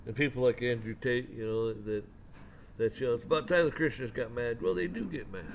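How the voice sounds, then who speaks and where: A man's voice: mid-range voice, brisk, creaky, a little hiss or hum. A man hosting a commentary channel, giving a casual opinion rant, rambling and often repeating and restarting his words.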